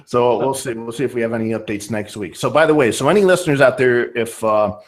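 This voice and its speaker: A man's voice: medium pitch, huge pitch swings, moderate pace, fairly bright tone. A man with a Northern Ohio accent hosting a podcast in a casual, conversational way, often restarting and repeating words. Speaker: podcast host.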